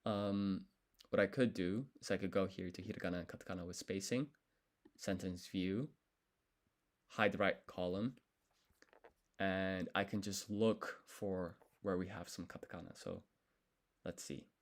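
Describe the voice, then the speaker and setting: A man studying a language on a live stream, thinking aloud, sounding out syllables slowly and correcting himself as he goes. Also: sits low, fairly even intonation.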